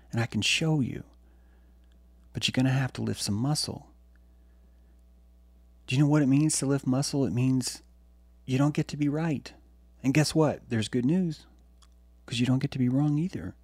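A man streaming a blunt, profane and preachy monologue that swings between loud outbursts and hushed asides. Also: mid-range voice, lively intonation, normal speed, vocal fry, pauses often, breathy edge, no room sound. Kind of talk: impassioned monologue.

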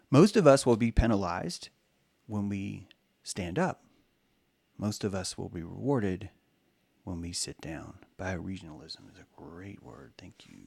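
A man's voice: mid-range voice, a little mellow, no echo, studio quality. A man giving a loose, rambling spoken lecture, swearing freely and acting out the voices he quotes.

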